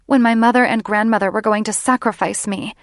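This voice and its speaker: A woman narrating an audiobook voices a distressed young siren who pleads and trembles with emotion, sounding upset. Her delivery is fairly quick with fairly even intonation at a medium pitch, lightly acted and pitched above her own natural voice. The recording is clean studio sound with no room echo.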